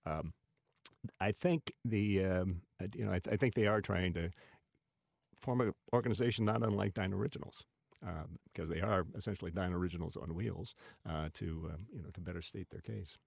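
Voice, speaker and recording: A man co-hosting a casual radio talk show, easygoing and hesitant, with many pauses and filler sounds. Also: low voice, creaky, dry recording. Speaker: radio co-host.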